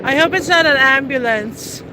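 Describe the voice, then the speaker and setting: A woman's voice: sits high, normal speed, noisy background. A middle-aged woman in casual, teasing chat with live viewers outdoors, laughing often. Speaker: vlogger. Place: outdoors on a city street.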